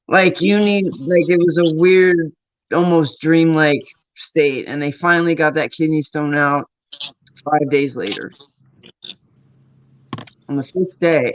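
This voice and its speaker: A man's voice: fairly high pitch, moderate pace, fairly bright tone, a little hiss or hum. A man chatting casually on a livestream, telling long rambling stories and swearing freely. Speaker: streamer. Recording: dull lo-fi dry sound.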